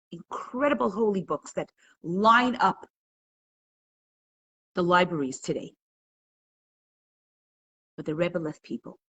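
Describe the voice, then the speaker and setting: Heard through a low-quality recording, a woman of medium pitch with a breathy edge teaches a live online class. Her impassioned delivery builds to emphatic peaks, and she occasionally trips over or repeats words when emotion takes hold.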